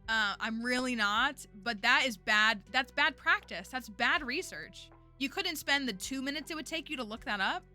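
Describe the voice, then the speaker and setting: A woman's voice: sits high, expressive, moderate pace, hardly any pauses, bright, forceful tone, faint music behind. A woman streaming a game, chatting casually and rambling with lots of fillers, ranting at times. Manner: exasperated ranting. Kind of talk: casual gameplay stream chat.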